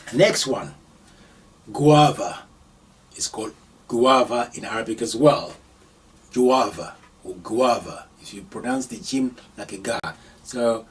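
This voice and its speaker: Slow, lively man teaching vocabulary. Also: a little high, recorded from a distance. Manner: repeats each word several times, clear deliberate enunciation. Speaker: Arabic teacher. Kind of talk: live vocabulary lesson, slow repetition drills.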